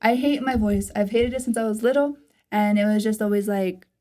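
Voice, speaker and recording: A young woman with a raspy voice hosting a casual podcast chat, laughing often and swearing freely. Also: medium pitch, brisk, mellow. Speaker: podcast host.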